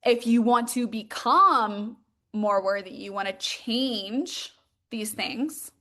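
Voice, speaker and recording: A woman's voice: fairly high pitch, slow, bright, forceful tone. Emphatic young woman mindset coach. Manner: casual, emphatic, swears freely, many fillers. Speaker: podcast host, mindset coach. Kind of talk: motivational monologue.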